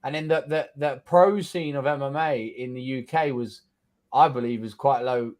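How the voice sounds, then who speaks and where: A man's voice: medium pitch, steady tone, moderate pace, a little mellow. A man in his thirties with a London accent, telling his story in a casual interview, blunt and swearing freely as he acts out what people said. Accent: London English. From England. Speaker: guest fighter.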